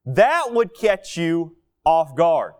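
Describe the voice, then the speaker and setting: A man preaching a sermon, telling a Bible story with animated asides and acted-out quotes. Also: fairly high pitch, slow pace.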